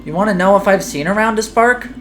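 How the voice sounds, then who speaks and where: A woman voicing a gruff, pushy older male mushroom foreman from a video game, with a folksy drawl and a put-on accent, reading the game's lines aloud. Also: medium pitch, quick pace, soft background music, pitched above the performer's own voice, lightly acted. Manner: folksy drawl, clipped slangy grammar; put-on accent she calls terrible.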